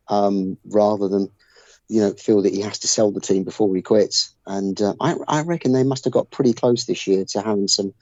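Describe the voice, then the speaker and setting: A man's voice: on the low side, darkish tone, dry recording, highs cut off. A man in casual podcast chat, thinking aloud with many fillers and restarts. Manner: thoughtful, hesitant with many fillers.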